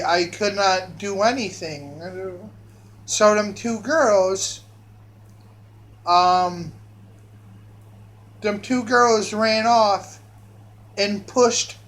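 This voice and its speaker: High-voiced, slow-talking man rambling. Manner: repetitive, restarts phrases often. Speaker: storyteller. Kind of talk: rambling spoken monologue.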